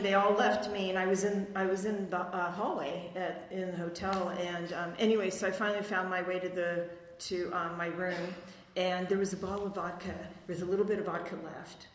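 Woman telling her story in an echoey hall. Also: mid-range voice. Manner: chatty, rambling with fillers and self-mocking laughs. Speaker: recovery meeting speaker. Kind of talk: personal testimony talk. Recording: echoey hall reverb, faint noise.

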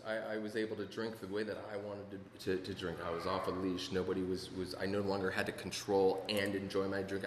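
A man's voice: sits low, a little hiss or hum. A man giving a personal testimony at a recovery meeting, storytelling in a rambling way with many fillers and wry humor. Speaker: speaker sharing his story at a recovery meeting. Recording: echoey hall with long reverb and faint ambience.

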